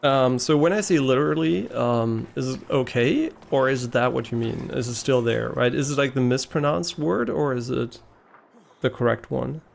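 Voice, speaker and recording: Gravelly German-accented man streaming. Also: mid-range voice, moderate pace. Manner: musing, hesitant, many ums and restarts. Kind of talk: casual live-stream chat while gaming.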